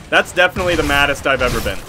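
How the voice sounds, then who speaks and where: A man commentating a live game stream, swearing often and raging at his losses, then laughing it off. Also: fairly high pitch.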